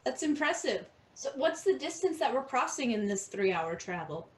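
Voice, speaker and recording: A woman's voice: high voice, big pitch swings, normal speed, distant mic. A woman playing a character in a tabletop game, playful and giggly. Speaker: player.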